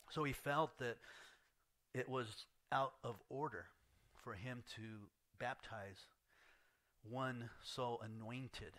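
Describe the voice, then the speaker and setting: A man's voice: lowish voice, a bit bright. A man preaching a verse-by-verse sermon in conversational style, acting out quoted lines with a rising voice and dropping almost to a whisper at the end of a point. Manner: fillers and restarts, conversational preaching. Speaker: pastor. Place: church sanctuary.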